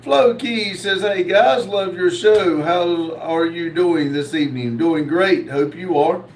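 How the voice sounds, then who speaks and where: A man hosting a live stream, reading viewer comments aloud and answering them, with many pauses and fillers. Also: fairly high pitch, echoey room, far from the mic, slight background noise, low-quality recording. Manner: slow, reads comments aloud with many uhs. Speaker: host reading live chat. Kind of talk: casual live stream chat.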